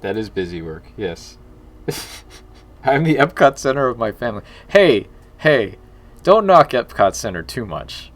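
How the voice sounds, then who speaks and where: A man's voice: medium pitch, very animated, measured pace. A man in his forties chatting casually on a live stream while he works on a game, rambling with jokey asides and muttering to himself as he goes.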